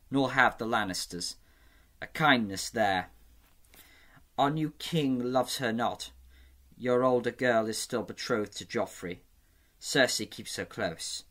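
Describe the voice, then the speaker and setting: A man reading aloud as a sly, courteous eunuch spymaster with a smooth, wry manner. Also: lowish voice, a bit bright.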